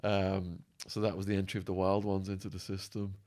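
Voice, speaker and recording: A man telling prison stories as a podcast guest, acting out quotes and laughing, his voice going hoarse. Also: deep voice, fairly quick. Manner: animated storyteller, acts out quotes, laughs. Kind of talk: storytelling interview.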